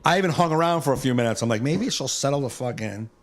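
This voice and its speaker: A man hosting a comedy podcast, telling stories in a lively way, swearing freely and acting out the people in them. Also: medium pitch, quick pace. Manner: animated storytelling, swears freely, acts out voices. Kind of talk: casual podcast chat.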